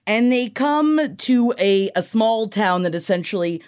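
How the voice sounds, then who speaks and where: A woman's voice: mid-range voice, animated, unhurried, a little mellow, smooth. A woman co-hosting a podcast over a remote call, talking in a frank, heated way and swearing freely. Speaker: podcast co-host. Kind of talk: casual chat.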